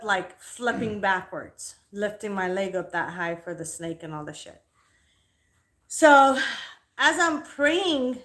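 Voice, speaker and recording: A young woman hosting a livestream, telling a story in a casual, animated, profane way. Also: mid-range voice. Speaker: livestream host.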